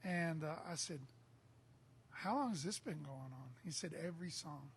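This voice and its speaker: An older man with a drawl spins a rowdy tale, jumping into other voices as he goes. His voice sits fairly high for a man. A faint hiss of noise runs under it. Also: normal speed. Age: 60s. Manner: lively storyteller acting out quotes. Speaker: songwriter guest. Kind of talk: casual storytelling.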